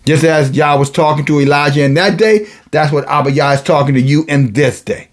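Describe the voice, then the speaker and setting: A man's voice: fairly high pitch, fairly even intonation, fairly quick. A man preaching a sermon, reading and explaining scripture with emphatic, sarcastic asides.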